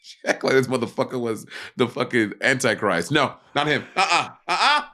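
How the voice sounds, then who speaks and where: A man's voice: medium pitch, a little fast, a bit bright. A man co-hosting a casual chat show. He is blunt and sassy, with lots of fillers and restarts. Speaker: podcast co-host.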